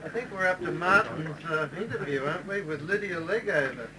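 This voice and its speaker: A man's voice: a little high, animated, brisk, pushed and bright, slight background noise. A man hosting comic banter in an amateur stage show, chatty and linking acts.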